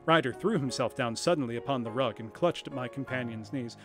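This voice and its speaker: A man reading a classic story aloud on a live stream in a lively, expressive way. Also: mid-range voice, a little fast, hardly any pauses, soft background music.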